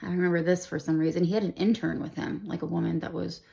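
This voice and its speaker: A woman in her twenties speaks straight to camera, her voice low, mellow and thick with gravelly fry. She tells her story in an emotional, rambling way, circling back on herself with restarts and fillers. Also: steady tone, fast talker. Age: 20s. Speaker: vlogger sharing her cancer diagnosis. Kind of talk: candid personal storytelling to camera.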